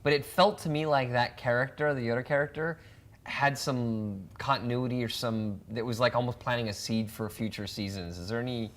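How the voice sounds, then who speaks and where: A man's voice: medium pitch, a bit bright. A man, an actor on the show, chatting casually and asking curious questions. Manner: curious, quick affirming remarks. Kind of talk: casual chat.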